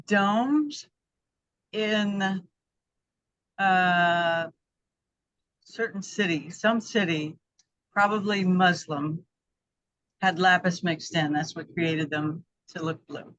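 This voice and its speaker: A woman attending a class, sharing with the group in a hesitant, halting way. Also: on the low side, fairly bright tone, no room sound. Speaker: class participant. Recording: dry, dull lo-fi sound.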